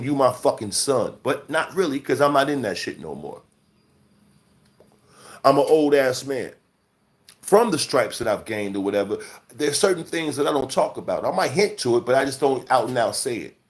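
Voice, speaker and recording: Man, late forties, livestream rant, confrontational, heavy cursing. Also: mid-range voice. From Chicago. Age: 40s. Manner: profane, scolding, confrontational. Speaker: livestream host.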